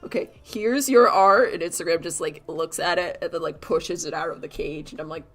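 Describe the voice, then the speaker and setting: A woman chatting casually while she draws on a live stream, rambling and animated, laughing often and filling her talk with "like". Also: low-pitched, fairly quick, faint music behind. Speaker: artist streamer.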